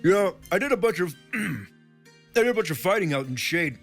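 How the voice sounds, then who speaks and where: A man playing in a tabletop game, goofy and halting, repeating his words. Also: high-pitched, big pitch swings, gravelly, fairly bright tone, faint music behind. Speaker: player. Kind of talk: casual tabletop play.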